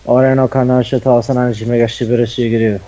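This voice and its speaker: A man in his twenties co-hosting a casual chat podcast, excitable and quick to swear. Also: mid-range voice, highs cut off. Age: 20s. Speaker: podcast co-host. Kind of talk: casual chat about anime.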